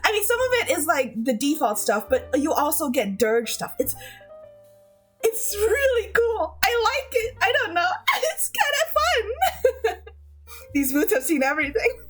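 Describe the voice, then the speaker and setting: A woman's voice: very high-pitched, big pitch swings, measured pace, fairly bright tone, faint music behind. A woman streamer chatting casually with her chat, laughing often.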